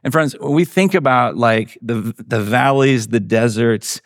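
A man's voice: mid-range voice, a little slow, no room sound, studio quality. A male pastor giving a sermon in an earnest, conversational way.

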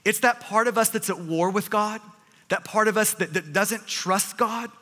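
A man preaching a sermon, animated, often repeating words as he presses a point. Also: sits high, normal speed, long reverb tail. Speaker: pastor.

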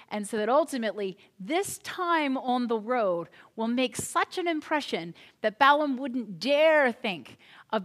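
A woman pastor retelling a story in a sermon, animated and chatty with little asides. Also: a little high.

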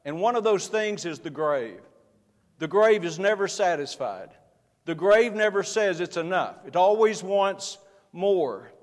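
A man's voice: high voice, animated, measured pace. A man preaching a sermon as pastor, earnest and building in force as he speaks. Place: church sanctuary. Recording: long hall reverb.

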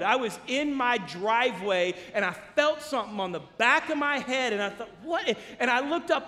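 A male pastor preaching a sermon, telling stories animatedly with big swings from loud to hushed. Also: high-pitched. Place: church sanctuary. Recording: long church hall reverb.

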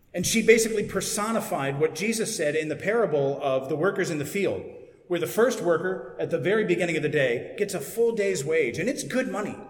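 A man preaching a sermon in a conversational, explanatory way. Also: fairly high pitch. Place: church. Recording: echoey church with long reverb.

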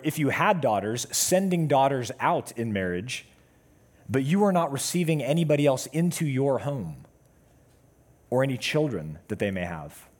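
A man preaching a sermon to his church, with measured, emphatic pauses. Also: mid-range voice, a little mellow, breathy edge. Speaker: pastor.

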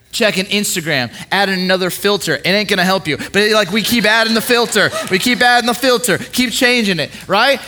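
Young guy preaching, high bright voice, tells it like a story and does everyone's voices. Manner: animated storyteller acting out quoted voices, repeats words. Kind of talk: storytelling sermon.

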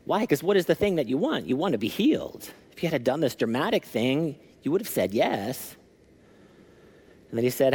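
A man preaching a sermon as lead pastor, telling a story in a lively, animated way. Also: medium pitch, moderate pace, husky. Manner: animated storytelling, acting out scripture.

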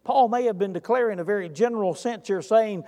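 A man's voice: sits high, a little fast, dark tone, long reverb tail. A man preaching a sermon as pastor of a church, talking earnestly and putting direct questions to the congregation.

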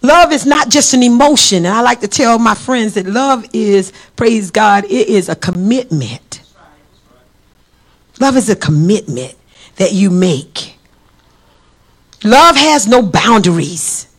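A guest preacher delivering a fervent sermon in a mid-range voice. The delivery lurches from ringing, raised lines down to quiet, low ones, with amens and praise Gods scattered throughout. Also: animated, slow pace, long pauses. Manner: passionate, swings between loud calls and hushed lines; fillers like amen and praise God. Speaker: guest pastor.

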